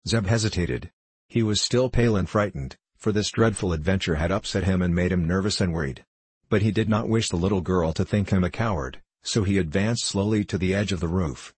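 A man reading a children's storybook aloud in a steady, even voice. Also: low voice, fairly quick, slightly rough, no room sound. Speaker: audiobook narrator. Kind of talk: storybook narration.

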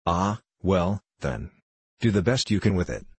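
A man's voice: low voice, big pitch swings, unhurried, a little mellow, slightly rough, dry recording, heavily acted. A man doing a growling, bad-tempered foreman. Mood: irritable. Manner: growling, curt. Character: gruff, overworked, bad-tempered print shop foreman.

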